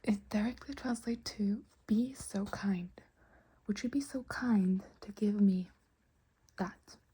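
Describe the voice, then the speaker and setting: A woman teaching in a whispered ASMR lesson, slow and patient, gently repeating each word. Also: mid-range voice, slightly rough, low-quality recording.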